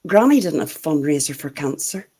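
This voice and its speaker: A woman's voice: low-pitched, big pitch swings, a little fast, warm tone, slightly rough. A chatty Northern Irish woman hosts a casual catch-up with friends. Her voice rises and falls a lot as she talks, and she laughs often. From Northern Ireland. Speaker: show host. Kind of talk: casual group chat.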